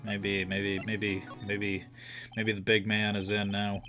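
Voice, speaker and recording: A man's voice: lowish voice, completely flat delivery, slow pace, over music. A young man voicing a game's dialogue, with jokey, self-mocking asides. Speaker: let's play voice actor. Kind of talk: game playthrough with voiced dialogue.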